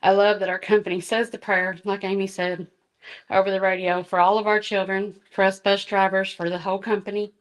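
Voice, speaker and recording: A woman's voice: mid-range voice, level tone, fairly quick. A middle-aged woman, a school bus driver giving an earnest, emotional public comment from her notes. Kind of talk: public comment at a board meeting.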